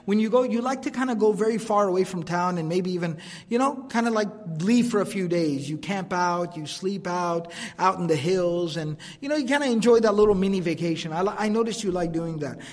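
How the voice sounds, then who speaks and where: Fast, high-voiced man preaching in a hall. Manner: quick, animated, mixes in recited scripture and casual asides. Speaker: preacher teaching a lecture series. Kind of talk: religious lecture. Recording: long hall reverb.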